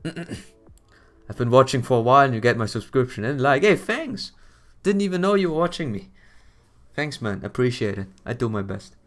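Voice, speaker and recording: A hoarse man streaming a game, chatting casually with his viewers in a laid-back way. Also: medium pitch, very animated, moderate pace, a bit bright, soft background music. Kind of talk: casual live stream commentary.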